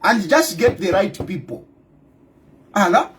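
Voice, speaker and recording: A middle-aged man with a Zambian accent delivering an impassioned political monologue, repeating his points and firing off rhetorical questions with loud outbursts. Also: high voice, sing-song, unhurried, pauses often. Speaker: opposition party leader.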